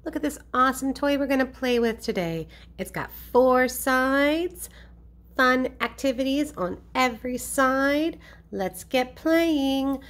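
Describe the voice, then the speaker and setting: A woman hosting a kids' learning video, giving a playful toy demonstration for toddlers in a slow, clear, sing-song way. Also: high-pitched.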